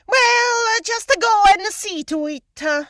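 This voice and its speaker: A woman's voice: very high voice, animated, a little slow, fairly bright tone, no echo, clean studio sound, full character voice. A woman reading the part of a pompous, indignant middle-aged housekeeper who scolds in a huffy, self-important way. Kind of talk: script read-through.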